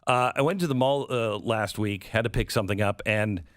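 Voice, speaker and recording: A man's voice: on the low side, normal speed, fairly bright tone, dry recording. A man hosting a political talk show, sarcastic and prone to acting out the voices he quotes, on a studio mic. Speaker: radio show host.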